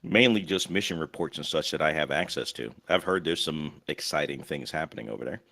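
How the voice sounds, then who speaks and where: Player, male, courteous in-character lines, very deep. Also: expressive, brisk, creaky, bright, forceful tone. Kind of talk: tabletop role-play in character.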